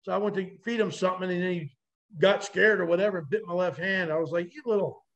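A man guesting on a podcast, telling animated stories with vivid, salty language and acting out the voices of others. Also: high voice, fast, dull audio. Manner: vivid, acts out quoted voices, swears freely. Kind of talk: animated storytelling.

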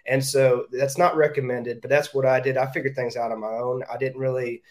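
A man's voice: medium pitch, little pitch movement, brisk, a little mellow. A man who is a real estate agent, talking as a podcast guest in a direct manner, often repeating words as he thinks aloud. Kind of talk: casual interview talk.

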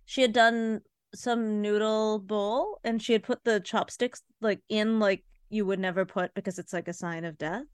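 A woman's voice: mid-range voice, fairly even intonation, normal speed, hardly any pauses, smooth, no room sound, clean studio sound. A woman co-hosting a podcast in casual chat, telling a rambling story in an agreeable, chatty way. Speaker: podcast co-host.

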